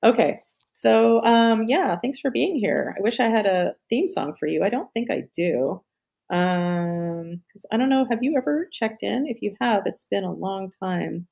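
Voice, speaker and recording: A woman's voice: medium pitch, expressive, a little slow, vocal fry, mellow. A middle-aged woman hosting a live stream in casual chat, rambling off on tangents, swearing and laughing often.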